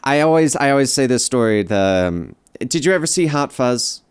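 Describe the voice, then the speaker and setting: A man co-hosting a relaxed TV review talk, speaking in a smooth, resonant voice at an ordinary pitch. He weighs his opinions carefully and wryly, hedging every bit of praise. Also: normal speed. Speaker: podcast co-host. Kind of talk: casual chat reviewing a TV episode.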